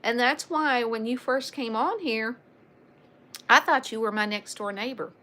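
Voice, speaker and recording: A woman's voice: on the high side, measured pace, pushed and bright. A middle-aged woman with a Southern accent hosting a casual livestream, chatting and greeting viewers by name with plenty of fillers. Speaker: livestream host.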